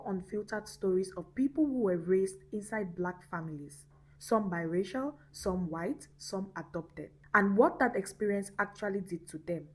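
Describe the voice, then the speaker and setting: A woman's voice: medium pitch, slightly rough. A woman giving a dramatic, scripted narration with emphatic phrasing.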